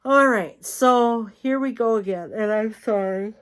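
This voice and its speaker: A woman's voice: on the high side, measured pace, smooth. A woman vlogging at home late at night, tired and yawning, chatting casually in a rambling way with lots of fillers and reading bits of articles aloud. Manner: rambling, repeats herself, many fillers.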